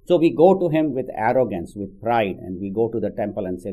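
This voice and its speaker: A man's voice: lowish voice, brisk, hardly any pauses, mellow, low-quality recording. A man giving a conversational spiritual talk, telling a story with frequent "you know" asides. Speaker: spiritual teacher. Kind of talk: sermon with storytelling.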